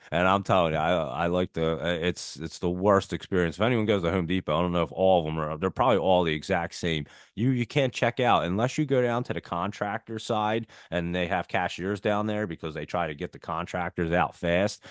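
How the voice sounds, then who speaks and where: A middle-aged man with a lowish voice tells a story casually on a live stream, rambling and restarting as he goes. He laughs often and swears freely. The sound is close and dry, with no room around it. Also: no echo. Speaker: stock market show host.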